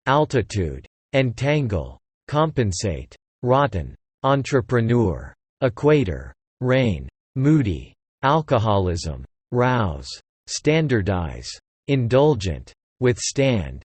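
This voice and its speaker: A man reading single English vocabulary words one at a time in a slow, measured way. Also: medium pitch, a little mellow, slightly rough, no echo. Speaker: vocabulary word reader.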